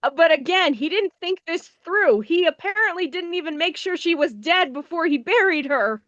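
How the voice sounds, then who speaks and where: A woman's voice: extremely high pitch, expressive, normal speed, a bit bright, dry recording, dull audio. A young woman co-hosting a casual movie chat, chiming in with short asides and film trivia. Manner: chimes in briefly with asides and film trivia, laughs along. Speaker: co-host, daughter.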